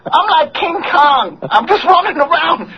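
Rich: a belligerent ex-con prizefighter, voice pushed up into a very high squeaky register. He taunts and bellows on a dull, hissy radio broadcast, laughing between crude threats. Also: very animated, a little slow, exaggerated voice. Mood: taunting. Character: brawling male ex-con boxer rampaging through England.

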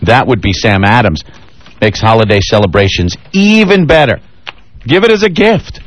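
A man's voice: medium pitch, dry recording. A male radio co-host with a mid-range voice that swings up and down a lot. He talks in a loose, sarcastic way and drags out words for emphasis. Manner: animated, sarcastic, drawn-out emphasis. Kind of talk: casual radio banter and live ad read.

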